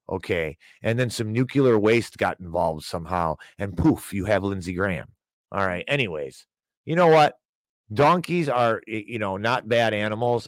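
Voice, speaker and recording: A man's voice: fairly low pitch, dry recording. A man hosting a broadcast, ranting and wisecracking in casual, rambling commentary. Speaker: show host.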